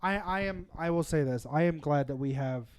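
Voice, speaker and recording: A man's voice: on the high side, moderate pace, slight background noise, rough recording. A man co-hosting a casual podcast, talking emphatically and ranting with plenty of swearing. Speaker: podcast co-host. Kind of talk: casual chat.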